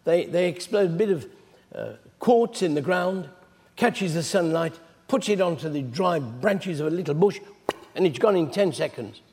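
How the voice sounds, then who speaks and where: A man's voice: fairly high pitch, moderate pace. A man preaching a sermon, retelling scripture stories in a chatty storyteller manner. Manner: conversational storytelling, animated retelling. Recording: long hall reverb.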